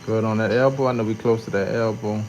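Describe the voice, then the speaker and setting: Chatting with his livestream audience as he works in his shop, this tattoo artist with a New Orleans accent greets viewers in a laid-back, slangy way. He's a fast talker with a fairly low pitch, a steady tone, and a slightly mellow quality. The low-quality recording picks up a faint hiss or hum.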